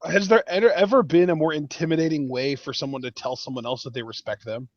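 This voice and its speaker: A man co-hosting a podcast, chatty and analytical, often restarting his sentences. His voice is a little high. It comes through a dull, dry lo-fi mic. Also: fairly even intonation, fast talker, dry recording. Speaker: podcast co-host. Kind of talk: casual podcast chat.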